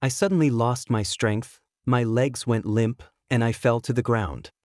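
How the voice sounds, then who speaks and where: A man narrating a romance story in the first person, with a scripted, even storytelling delivery. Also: mid-range voice, a little slow, dry recording, clean studio sound.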